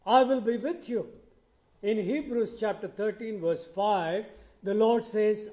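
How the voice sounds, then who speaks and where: A man preaching a sermon in a slow, deliberate way, lifting his voice when he quotes scripture. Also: sits high, darkish tone.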